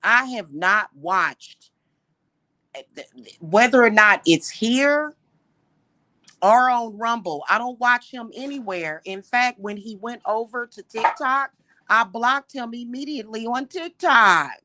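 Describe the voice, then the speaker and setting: A woman hosting a livestream, ranting indignantly at her viewers with exasperated rhetorical questions and slow, emphatic repetition. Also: on the high side, expressive, sharp tone, no echo. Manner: repeats points slowly and emphatically. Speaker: livestream host.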